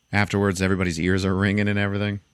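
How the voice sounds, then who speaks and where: Male podcast host, deep register, loose laughing storyteller; dry, close recording. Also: clean tone, dry recording. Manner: laughing storyteller, acts out lines. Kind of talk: casual film recap.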